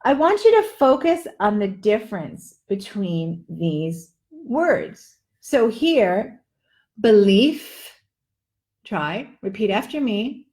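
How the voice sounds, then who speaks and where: Woman, English pronunciation teacher, playful, jokey. Lively pitch, slow deliberate delivery on webcam. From Netherlands-based. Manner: playful, joking, exaggerated drills. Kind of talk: live online lesson. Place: home, indoors.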